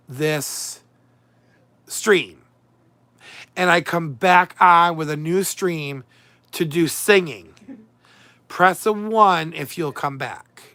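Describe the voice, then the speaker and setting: Chatty, emotional livestream man with gravelly voice. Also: on the high side, sharp tone, no room sound. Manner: chatty, emotional, swings between moods, reads and answers chat. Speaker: livestream host. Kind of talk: casual livestream chat with viewers.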